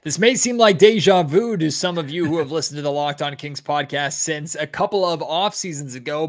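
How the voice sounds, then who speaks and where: A man hosts a sports podcast in a loose, chatty manner, often pausing on filler words. His voice sits a little high for a man. He talks his listeners through the episode. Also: fairly bright tone. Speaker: podcast host. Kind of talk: podcast intro and interview.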